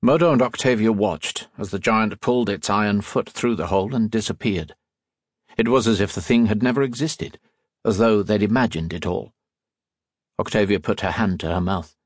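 A man narrating an adventure novel aloud in a measured storytelling manner. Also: fairly low pitch, animated, breathy edge, no room sound, studio quality. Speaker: audiobook narrator. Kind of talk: scripted narration.

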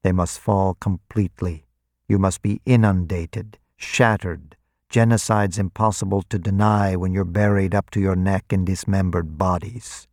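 A cold, calculating vampire commander speaks as a man puts him on, deep and unhurried, each line measured and clinical. The quiet menace sits in a dry, close voice with no room around it. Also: steady tone, no room sound. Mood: lecturing.

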